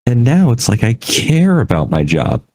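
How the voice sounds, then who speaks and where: A man's voice: medium pitch, huge pitch swings, normal speed, a little mellow, low-quality recording. A man co-hosting a podcast, chatting casually in a rambling, self-deprecating way with frequent laughs. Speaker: podcast co-host. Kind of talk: casual chat.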